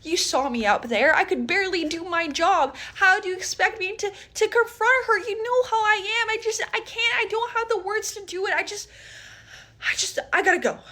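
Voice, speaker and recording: A woman's voice: very high voice, moderate pace, pushed and bright, voice pushed up. A woman voicing a timid, anxious young coworker who stammers and repeats herself. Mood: panicked. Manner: stammering, nervous.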